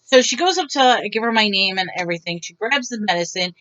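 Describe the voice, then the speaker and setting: Through a dull, lo-fi recording, a woman vlogger rambles through casual stories, animatedly performing the quotes of the people involved. She talks at a quick pace in a medium-pitched voice.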